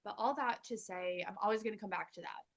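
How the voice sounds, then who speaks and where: A woman's voice: medium pitch, fast talker, gravelly. Woman host giving an earnest pep talk on a parenting channel, plays out her own thoughts in little quotes. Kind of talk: casual motivational talk to camera.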